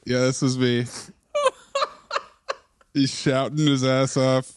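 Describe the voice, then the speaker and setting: A man's voice: mid-range voice, level tone, slow, smooth, no room sound, clean studio sound. A man co-hosting a podcast, riffing and joking in casual comedic chat. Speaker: podcast co-host.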